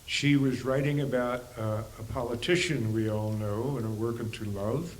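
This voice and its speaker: A man gives a reflective spiritual talk to a congregation at an ordinary pitch for a man. He muses aloud, throws in rhetorical questions and chuckles now and then. A faint hum of room ambience sits underneath. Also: steady tone, normal speed, poor audio. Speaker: spiritual teacher and counselor.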